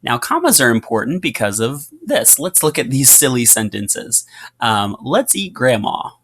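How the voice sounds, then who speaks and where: A man teaching a writing lesson, explaining patiently with frequent fillers and reading example passages aloud with lively emphasis. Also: medium pitch, moderate pace.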